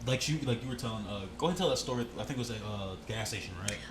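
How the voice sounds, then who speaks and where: A young man rattles through his stories at a quick clip, animated and profane. His pitch sits in a middle range. A faint hiss runs under the recording. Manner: animated, swearing, laughs at his own stories. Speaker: podcast co-host. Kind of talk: casual storytelling chat.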